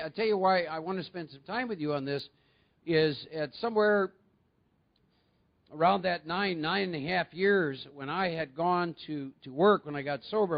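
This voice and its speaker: Speaking conversationally to a recovery meeting, a man often puts questions to his listeners. His voice is a little high, and the recording has its highs cut off.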